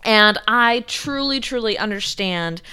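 A young woman vlogger telling a story to her viewers in a chatty, animated way, laughing often and saying "like" a lot. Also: medium pitch, measured pace, smooth. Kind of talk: casual storytelling to camera.

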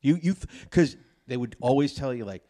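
A man in his forties from New York hosting a podcast, telling stories in a profane, animated way. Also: medium pitch, a little fast. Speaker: podcast host. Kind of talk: casual chat.

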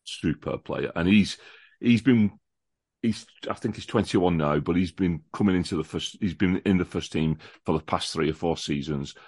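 Deep-voiced chatty man. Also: moderate pace, darkish tone, breathy edge, no echo, studio quality. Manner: chatty and enthusiastic, with many restarts and repeated words. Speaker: podcast guest, lifelong fan of the visiting football club. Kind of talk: casual chat, football preview.

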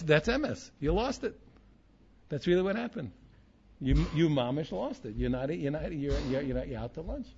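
A man teaching an informal Torah class, animated and repetitive, often asking "you understand?". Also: fairly high pitch, creaky, breathy edge, muffled recording.

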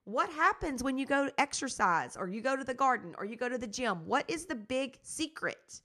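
A woman's voice: sits high, sing-song, moderate pace, pushed and bright. A woman hosting her own gardening podcast, talking in an upbeat, encouraging, conversational way. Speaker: podcast host and garden coach. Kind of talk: casual podcast talk.

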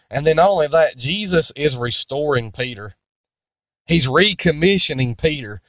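A man preaching in a sermon-style Bible teaching, deliberate and emphatic. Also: on the high side, lively intonation, a bit bright, no echo.

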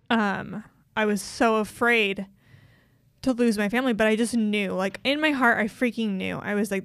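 A woman's voice: mid-range voice, a little slow, vocal fry, fairly bright tone, dry recording. A young woman co-hosting a podcast, talking candidly and from the heart, with many "like" fillers. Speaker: podcast co-host.

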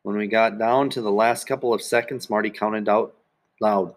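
A man reading a children's book aloud in the first person, in a plain, steady voice. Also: on the low side, moderate pace. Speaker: audiobook narrator. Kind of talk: first-person storybook narration.

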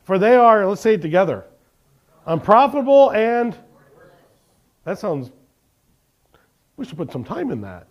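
A man preaching a sermon, reading scripture aloud and putting questions to the congregation, swinging from emphatic lines to quiet ones. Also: high-pitched, sing-song, a little slow, pauses often, dull audio. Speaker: pastor.

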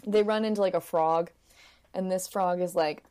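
A woman's voice: on the low side, steady tone, moderate pace, a little mellow, smooth. Playful chatty woman. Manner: chatty, playful, acts out characters in silly voices. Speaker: podcast co-host recapping a film. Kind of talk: casual chat.

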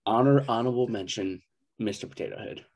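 A man with a low, husky voice who argues his case with mock outrage. He leans into the words, swears, and sounds half-angry about small things. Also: fast, a little mellow. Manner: mock-indignant, emphatic, swears. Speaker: podcast co-host. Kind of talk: casual chat.

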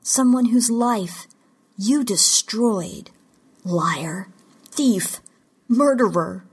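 A woman narrator voicing an angry young woman who accuses her captor in shrill, rising bursts. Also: very animated, brisk, darkish tone, breathy edge. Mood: furious. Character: furious young woman seeking revenge.

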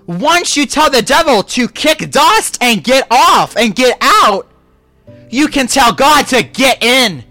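A pastor preaching a sermon in repeated, declaring lines that rise to shouts. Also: medium pitch, very animated, slow pace, no echo, soft background music.

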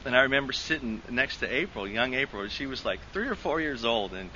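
A man's voice: medium pitch, expressive, brisk, sharp tone, highs cut off, slight background noise. A man speaking to a recovery group, telling a rambling personal story with lots of restarts and laughs. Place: meeting hall.

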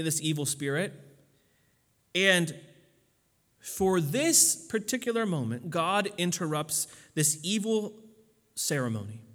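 Pastor, male, slightly high voice, conversational sermon delivery with emphatic peaks, long reverb of a big room. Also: fairly bright tone. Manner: casual and conversational with frequent fillers, swelling to emphatic peaks.

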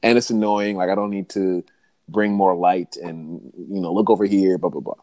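A man telling a story in casual chat, animated and slangy, acting out what people said. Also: low voice, normal speed, a crowd in the background. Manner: animated storyteller, slangy, acts out quoted dialogue.

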